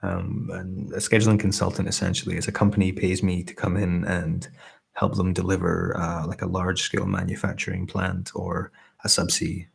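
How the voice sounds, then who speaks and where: Hosting a soft-spoken ASMR live stream chat, a man in his thirties from Scotland reads out viewers' comments with earnest thanks, his Scottish accent softened. He speaks at a normal pace in a low, gravelly, husky voice with little pitch movement.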